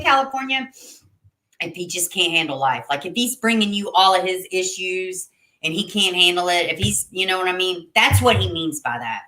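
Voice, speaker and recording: A woman's voice: fairly low pitch, sharp tone, roomy sound. A woman hosting a casual livestream, chatting with viewers, reading their comments aloud and laughing often. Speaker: livestream host reading chat.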